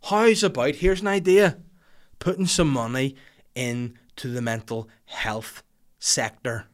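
A man with a Northern Irish accent delivering a sweary, exasperated comedic rant as a podcast host, breaking into shouty outbursts. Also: mid-range voice, fairly even intonation, slow pace.

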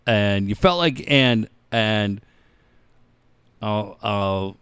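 A man's voice: on the low side, very slow, a bit bright, clean tone, no echo. A man in casual podcast chat as co-host, speaking earnestly and reflectively.

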